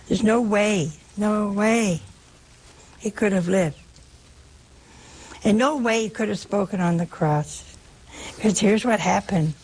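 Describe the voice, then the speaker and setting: Slow-talking husky woman preaching. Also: mid-range voice. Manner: emphatic storytelling with rhetorical questions, dropping to whispers. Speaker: religious speaker. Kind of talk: devotional sermon to an audience.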